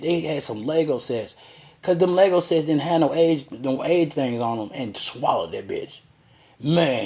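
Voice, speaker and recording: A man's voice: medium pitch, darkish tone. A man telling a crude, profane, rambling story about his childhood.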